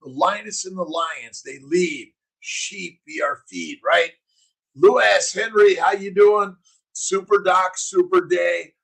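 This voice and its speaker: A middle-aged physician hosting a casual morning livestream, preaching in punchy slogans and answering chat comments. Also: male voice, high-pitched, gravelly, a bit bright, breathy edge, poor audio.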